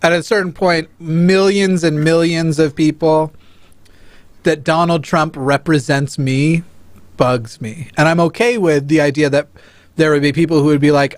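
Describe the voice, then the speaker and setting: A man co-hosting a casual talk show, reading viewer chats aloud in a relaxed way. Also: on the high side, normal speed, dry recording. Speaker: podcast co-host. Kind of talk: casual chat.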